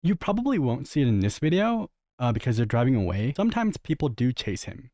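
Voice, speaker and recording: Animated young man in casual chat. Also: medium pitch, fairly quick, no room sound, studio quality. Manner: animated, jokey storytelling with acted quotes. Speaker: streamer host.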